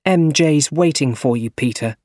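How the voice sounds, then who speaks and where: A man's voice: a little high, moderate pace, a little mellow, no room sound, studio quality, pitched above the performer's own voice, close to an everyday voice. A man voicing a proud young man who runs a company department, in a graded-reader audiobook. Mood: pressing. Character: young man, rich heir, bitter and driven.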